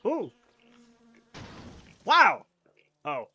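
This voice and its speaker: A man with a mild Rhode Island accent, streaming a game and chatting casually with viewers, animated and swearing, stretching his vowels. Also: high voice, very slow, slightly rough. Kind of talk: casual chat with viewers while gaming.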